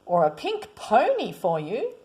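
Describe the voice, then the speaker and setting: A woman voicing a gentle wizard father in a read-aloud storybook, mild and placating. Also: fairly high pitch, huge pitch swings, measured pace.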